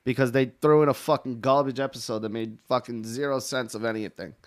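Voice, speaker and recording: A male host of a call-in show talks in a blunt, rambling way and swears often. His voice sits at an ordinary pitch and comes through clean and resonant. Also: fairly even intonation, a little fast. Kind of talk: casual call-in chat. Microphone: headset or desk mic with headphones.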